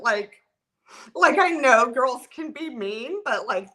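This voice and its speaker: Her voice sits on the high side, bright and forceful, with lively intonation and a slow delivery. This livestream host, a woman in her thirties, responds to viewer comments casually, rambling and flustered, emotional and heavy on fillers.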